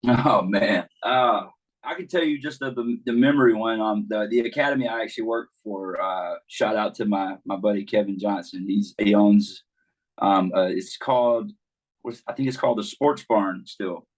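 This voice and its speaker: On a casual podcast, a baseball coach chats as a guest, telling stories in an easygoing way with lots of fillers and restarts. His voice is fairly low and his speed normal, captured on a low-quality recording.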